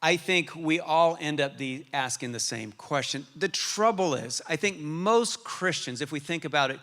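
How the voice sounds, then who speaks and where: A man preaching a sermon as pastor, moving between self-mocking humor and earnest, quiet reflection. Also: a little high, normal speed. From Arizona, USA. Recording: reverberant hall.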